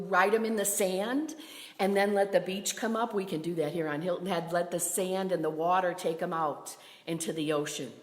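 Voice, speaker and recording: A woman minister giving a gentle, meditative sermon to a camera in a sanctuary, with some phrases dropping to a whisper. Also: medium pitch, roomy sound, in a large hall. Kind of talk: livestreamed sermon. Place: synagogue sanctuary. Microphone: camera from a distance.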